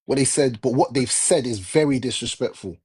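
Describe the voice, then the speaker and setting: Husky Jamaican man lecturing. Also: medium pitch, fairly quick, darkish tone. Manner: emphatic, repetitive, lecturing. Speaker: live stream host. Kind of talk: casual chat.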